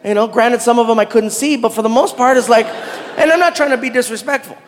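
Animated high-voiced male stand-up comedian. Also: quick pace. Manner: animated, shouting punchlines, laughing. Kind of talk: live stand-up storytelling. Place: live theater stage with audience. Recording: live hall with crowd noise.

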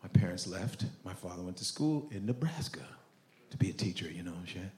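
A man's voice: deep voice, lively intonation, a little fast, a little mellow. Crude, laughing man in an echoey club. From United States. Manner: crude, laughing through his lines. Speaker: stand-up comedian. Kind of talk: stand-up comedy. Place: comedy club.

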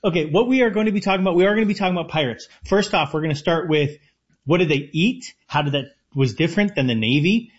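Husky man explaining food on radio. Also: a little high, expressive, quick pace. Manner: eager, explanatory. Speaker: co-host, chef. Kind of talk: casual radio chat. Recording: muffled lo-fi radio audio.

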